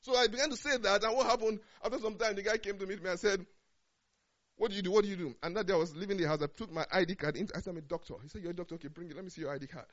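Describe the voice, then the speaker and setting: A high-pitched man delivers a sermon. He swings between loud, urgent declarations and low, quiet asides. The recording sounds muffled and lo-fi. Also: very fast. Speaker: preacher.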